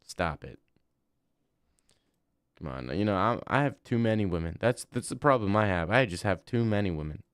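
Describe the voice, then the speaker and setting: A young man on a casual livestream who trades crude, deadpan jabs with his chat. His voice sits a bit low and comes through smooth and clear. It is close to a desk mic in a dry room. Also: normal speed, long pauses, no room sound.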